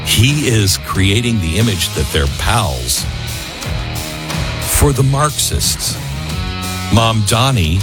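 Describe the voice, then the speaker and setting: A man's voice: on the low side, sing-song, over loud music. A male radio talk show host giving emphatic, argumentative political commentary. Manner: emphatic, argumentative, shifts quickly between loud and hushed.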